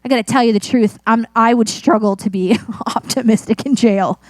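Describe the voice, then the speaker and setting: A woman's voice: fairly high pitch, normal speed, a little mellow, no room sound. A middle-aged woman pastor preaching a sermon in a chatty, self-mocking storytelling way.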